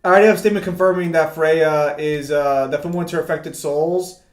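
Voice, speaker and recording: A man's voice: on the high side, fairly even intonation, brisk. A man hosting a casual gaming chat with friends, teasing and laughing often. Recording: echoey room.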